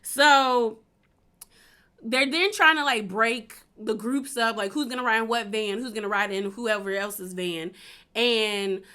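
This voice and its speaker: Young woman, kinda high bright voice, chatty recap vibe, laughs a lot, says like constantly. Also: normal speed. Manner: chatty, laughs often, lots of "like" fillers. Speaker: recap vlogger. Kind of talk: casual reality-show recap.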